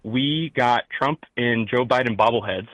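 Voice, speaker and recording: Halting Midwestern man calling in. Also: medium pitch, fairly bright tone, no room sound, poor audio. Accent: Midwestern American. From rural Midwest. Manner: halting, many fillers and restarts. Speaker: caller. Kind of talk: call-in talk show conversation.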